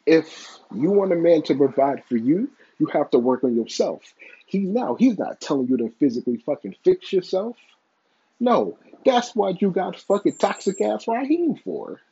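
Male commentator, mellow and a bit raspy, swearing freely while speaking his mind, on a dull lo-fi mic. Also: fairly high pitch, big pitch swings, normal speed. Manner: blunt, profane, opinionated. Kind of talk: casual opinion commentary.

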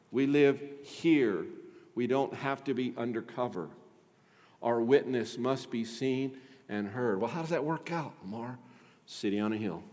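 A man's voice: medium pitch, a little mellow, big-room sound. A male pastor preaching a sermon, asking rhetorical questions and pressing his points with stretched, emphatic phrases.

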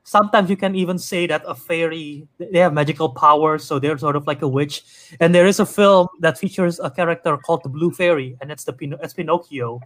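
A man hosting a casual podcast chat, animated and rambling, laughing easily. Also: on the high side, a little fast. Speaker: podcast host.

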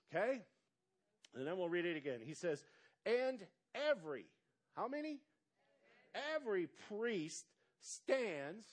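A male pastor preaching a sermon, asking the congregation quick questions and stretching out words for emphasis. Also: high voice. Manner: animated preaching with call-and-response questions to the congregation.

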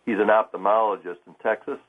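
A man from Michigan calling a radio show, talking in a hesitant, halting way. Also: lowish voice, steady tone. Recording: tinny phone line.

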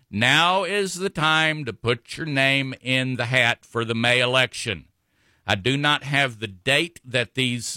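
A man's voice: medium pitch, pushed and bright, no room sound, studio quality. A man hosting a local talk radio show, rambling with many fillers and self-corrections.

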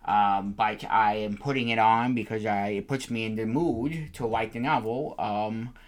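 A man's voice: lowish voice, steady tone, unhurried. A man hosting a comedy podcast in a put-on British accent, rambling with many fillers and restarts. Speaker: podcast host.

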